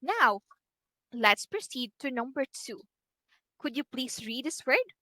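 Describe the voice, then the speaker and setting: A woman's voice: sits high, very animated, slow pace, bright, forceful tone, dry recording. A woman with a Filipino accent teaching a one-on-one online English lesson, speaking patiently and drawing out her words with frequent okays.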